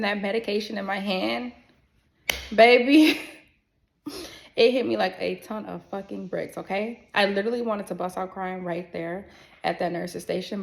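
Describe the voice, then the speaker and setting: A young adult woman telling a personal story in a casual vlog, animated and swearing freely as she acts out other people. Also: mid-range voice, moderate pace, creaky.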